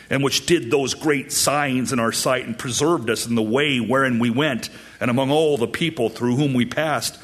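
A man preaching an expository sermon to his congregation, animated, swinging between loud high emphasis and hushed whispers. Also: husky. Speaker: pastor.

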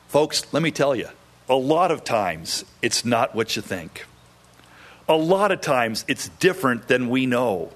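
A man preaching a sermon, telling a story and acting out quoted voices, with sudden drops into a low tone. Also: sing-song, unhurried, fairly bright tone.

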